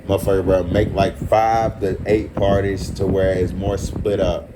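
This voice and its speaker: Guy ranting and cussing, kinda low voice, lots of noise behind. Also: level tone, a little slow. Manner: angry, profane, repetitive ranting with frequent "bro" and "motherfucker". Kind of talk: reading aloud then profane ranting monologue.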